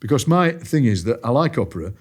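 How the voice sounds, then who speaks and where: A man with a Barnsley Yorkshire accent, a poet chatting as a podcast guest and telling lively anecdotes. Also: mid-range voice, a little fast, husky. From Barnsley, England. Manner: lively, storytelling, drops into quoted voices. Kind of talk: casual conversation.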